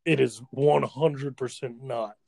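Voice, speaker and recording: Podcast co-host, man in his twenties, gravelly, dry close mic, laughs through his own riffs. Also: medium pitch, fairly even intonation, slow, darkish tone, no room sound. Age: 20s. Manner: laughs mid-sentence while riffing. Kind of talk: casual banter.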